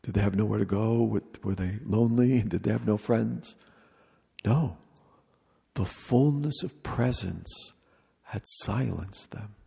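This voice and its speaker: Slow, deliberate, and given to repeating short phrases, a man leads a retreat talk in a large hall with a long reverb. His voice is dark, mellow, and gravelly, sitting on the low side.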